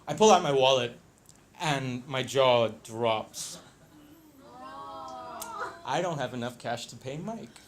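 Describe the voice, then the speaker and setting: A man telling a story on stage, lively, acting out the voices and laughing along. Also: fairly high pitch, measured pace, long pauses, slight background noise. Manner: animated, acts out quotes, laughs along. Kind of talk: live storytelling performance.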